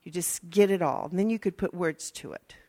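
A woman's voice: on the low side, brisk, dark tone. An older woman minister, preaching a chatty, folksy sermon with asides to her congregation.

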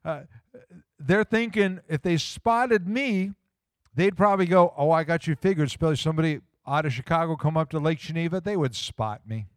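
A man's voice: a little high, normal speed, clean tone, no room sound, studio quality. A man preaching a sermon in a folksy, conversational way, full of rhetorical questions. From small-town Midwest US.

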